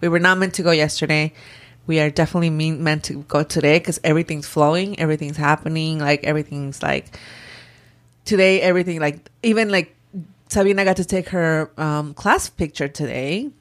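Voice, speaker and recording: A woman in casual chat, telling a story in an animated way and acting out the people she quotes. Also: deep voice, brisk.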